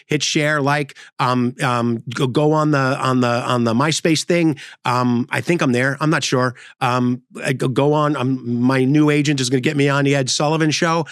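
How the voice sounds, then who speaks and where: A man's voice: mid-range voice, fairly bright tone, clear, resonant tone, no room sound, studio quality. A man in his sixties, a comedian telling rambling job stories as a grumbling old-timer who pokes fun at himself. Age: 60s. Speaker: comedian and host. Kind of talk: comedic storytelling monologue.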